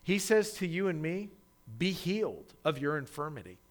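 A man delivering a sermon who reads the passage aloud and then explains it. His voice sits a little on the high side for a man. He swings between loud, dramatic cries in the quoted voices and soft, close asides. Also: expressive, normal speed. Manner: acts out quoted voices loudly. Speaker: preacher.

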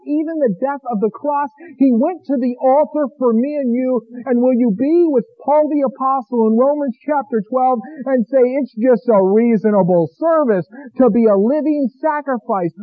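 A man's voice: very high voice, phone-quality sound. A man preaching a sermon with passion, pleading with his listeners through a string of rhetorical questions.

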